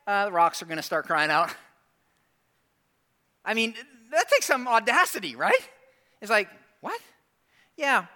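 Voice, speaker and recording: A man preaching a sermon in a church, animated, acting out voices of the crowd and dropping to hushed, serious asides. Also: high voice. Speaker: pastor.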